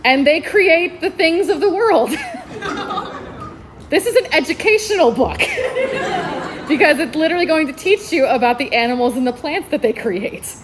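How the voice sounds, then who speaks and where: A woman's voice: high voice, expressive, moderate pace, pauses often, crowd noise, background noise. A woman librarian giving enthusiastic book recommendations at a convention panel, laughing often as she talks. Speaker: librarian presenting book picks.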